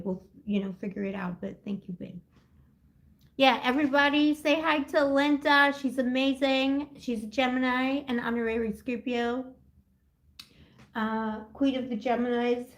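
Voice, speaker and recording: A woman with a fairly high voice hosts a live tarot stream in loose, chatty talk. She wanders from topic to topic, leans hard on "like" and "you know," and laughs often. She talks into her device's built-in mic. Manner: rambling and giggly, jumps between topics; heavy use of "like" and "you know". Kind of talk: casual live-stream chat. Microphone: built-in device mic, no separate mic.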